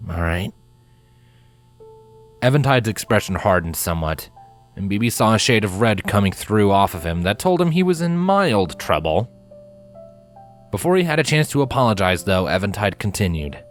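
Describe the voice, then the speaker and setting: A man reading fanfiction aloud in an expressive storytelling manner. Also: on the low side, normal speed. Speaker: fanfiction reader. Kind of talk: audiobook narration. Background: faint guitar music.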